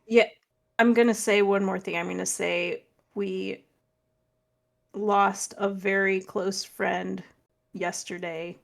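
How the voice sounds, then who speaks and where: Casting: woman player, gravelly edge, firm and blunt. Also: medium pitch, flat delivery, slow, pauses often. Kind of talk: playing a tabletop game.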